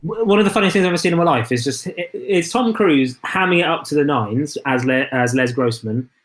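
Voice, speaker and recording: A man's voice: on the high side, animated, brisk. A man co-hosting a podcast, chatting casually and enthusiastically about films, often restarting his sentences. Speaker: podcast co-host. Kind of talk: casual film chat.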